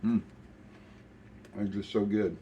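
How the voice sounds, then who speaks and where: A man's voice: fairly low pitch, flat delivery, muffled recording, a little hiss or hum. An older man with a Southern US accent, casually chatting while cooking and eating in his home kitchen. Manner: folksy, unhurried, talks while eating. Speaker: cooking show host.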